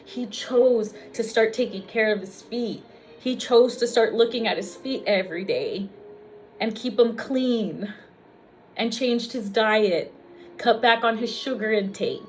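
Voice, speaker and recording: An American registered nurse speaks in a fairly high voice at a measured pace. Her personal vlog is raw, emotional and blunt, full of swearing, and she becomes teary at times.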